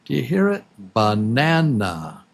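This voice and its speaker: A man teaching English to absolute beginners, patiently repeating words slowly and counting syllables with the listener. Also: lowish voice, animated, husky. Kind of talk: slow, clearly spoken beginner English lesson.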